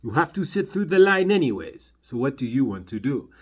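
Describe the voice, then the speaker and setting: A man speaking as a spiritual channeler, delivering a slow, deliberate talk full of repeated questions. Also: mid-range voice, very animated, breathy edge.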